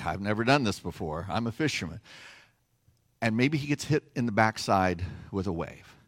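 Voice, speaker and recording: A man's voice: medium pitch, a bit bright. A man preaching a sermon from a stage platform, telling a story with playful asides. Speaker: pastor.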